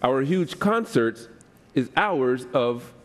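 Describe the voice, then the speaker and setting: A man on a radio quiz show reading comic limericks aloud in a deliberate, rhythmic way. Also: mid-range voice, expressive. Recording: long theater reverb.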